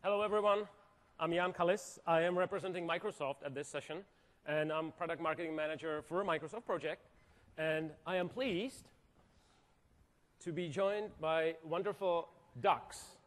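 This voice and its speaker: A man co-presenting at a conference as a product marketing manager, speaking in a low-key, polite way. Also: steady tone, normal speed. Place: large conference hall.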